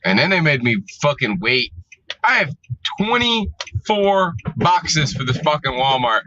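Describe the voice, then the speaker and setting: A man's voice: fairly high pitch, big pitch swings, measured pace, sharp tone. A man vlogging in a casual, profane, exasperated rant straight to camera. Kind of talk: casual ranting monologue. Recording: dull lo-fi audio.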